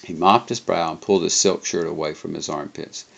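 A man reading a first-person travel memoir aloud, unhurried, with occasional slips and self-corrections. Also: low voice, fairly even intonation, creaky, fairly bright tone.

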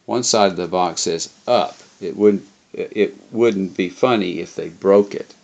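Guy putting on a loud excitable plump agent, gravelly, exclaiming everything. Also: low-pitched, a little slow, dull audio, heavily acted. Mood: excited. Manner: effusive, exclamatory. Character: excitable plump middle-aged male shipping agent.

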